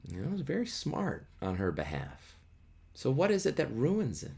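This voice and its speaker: A man hosting a podcast, explaining a play in a chatty, animated way full of asides. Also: medium pitch, normal speed, vocal fry. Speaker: podcast host.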